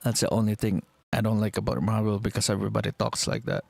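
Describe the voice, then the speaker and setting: A man's voice: lowish voice, steady tone, quick pace, gravelly, hardly any pauses, darkish tone, no echo. A young man rambling in casual chat, enthusiastic and swearing casually as he talks about a TV series. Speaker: vlogger.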